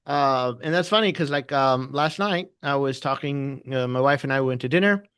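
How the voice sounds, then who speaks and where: A man who trades options, chatting casually and telling animated stories. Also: medium pitch, moderate pace, clear, resonant tone, no echo, clean studio sound. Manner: animated storyteller, laughs often, acts out quotes. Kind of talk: casual trading chat.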